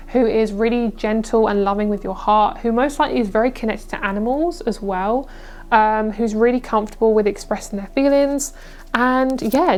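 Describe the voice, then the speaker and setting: A woman's voice: on the high side, a little mellow. A young woman giving a casual, reassuring tarot reading, chatty and full of fillers. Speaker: tarot reader.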